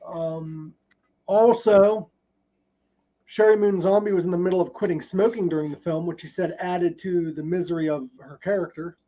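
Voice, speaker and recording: A man's voice: sits high, steady tone, moderate pace, mellow, muffled recording. A man hosting a casual podcast, reading film trivia with many ums. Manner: reads trivia with frequent ums. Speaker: podcast host.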